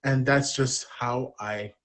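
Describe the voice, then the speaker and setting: A man in his thirties with a relaxed drawl, talking candidly as a podcast guest. He wanders from thought to thought and pokes fun at himself, at an everyday middle pitch. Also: slow pace. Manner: open, self-deprecating, rambling. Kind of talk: candid personal storytelling.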